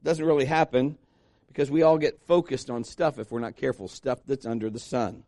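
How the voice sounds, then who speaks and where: A male pastor delivering a conversational sermon, with lively asides to his congregation and read scripture passages. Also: medium pitch, a little fast, no room sound, clean studio sound.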